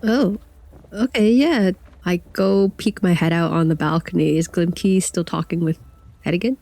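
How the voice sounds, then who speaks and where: A woman's voice: lowish voice, moderate pace, dark tone. A woman playing a tabletop game, talking in an easygoing, chatty way. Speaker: player. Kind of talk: casual play at a tabletop game.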